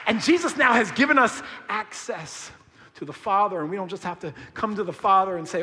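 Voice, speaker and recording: A man preaching a sermon as a pastor, animated and jokey, then dropping to hushed intensity. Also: high voice, a little fast, long reverb tail, slight background noise. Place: church.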